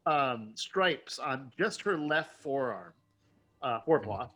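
A man running a tabletop game as game master, narrating haltingly with frequent laughs. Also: medium pitch, animated, pushed and bright. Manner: halting, laughs often, many fillers.

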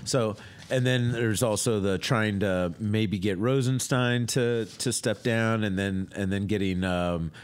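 A man co-hosting a casual political talk show, rambling and halting, with frequent restarts and wry jokes. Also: lowish voice, clear, resonant tone. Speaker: podcast co-host.

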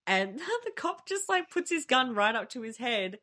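A woman with a fairly high voice, very animated, pushed and bright at a moderate pace, co-hosts a podcast. She chats casually while reviewing films, laughing often and swearing freely.

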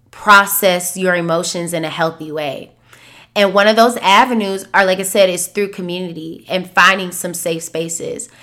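A woman in her thirties hosting a podcast, talking candidly about feelings, sometimes soft and sometimes animated. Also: fairly low pitch. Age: 30s. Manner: candid, expressive, shifts between soft and animated. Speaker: podcast host. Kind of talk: reflective solo podcast talk.

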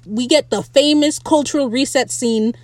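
Young woman ranting about a tv episode, blunt and animated, voice a bit high, dry close sound. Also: normal speed, no echo. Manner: blunt, animated, laughs often. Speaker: podcast host recapping a TV episode. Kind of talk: casual opinionated recap.

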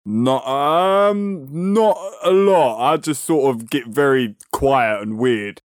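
A man's voice: medium pitch, animated, takes it slowly, no room sound, clean studio sound. A man co-hosting a casual podcast, talking in a laid-back, slangy way. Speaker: podcast co-host.

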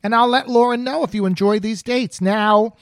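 A woman's voice: a little high, moderate pace, no room sound, studio quality. A woman hosting a podcast, chatting playfully and exclaiming as she tastes food. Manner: playful, exclaims while tasting. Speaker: podcast host. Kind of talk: casual chat, tasting food on a podcast. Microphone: podcast mic, guest on video call.

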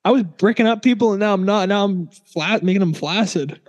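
Male podcast guest, higher voice, joking, reverberant room sound. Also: a little fast. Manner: joking, irreverent. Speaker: podcast co-host. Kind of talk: casual podcast chat.

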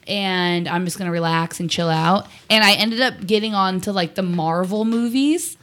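A woman's voice: fairly low pitch, normal speed, hardly any pauses, fairly bright tone. A woman co-hosting a podcast, chatting casually and eagerly, with lots of filler words. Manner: chatty, enthusiastic, many "like" fillers. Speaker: podcast co-host. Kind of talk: casual chat.

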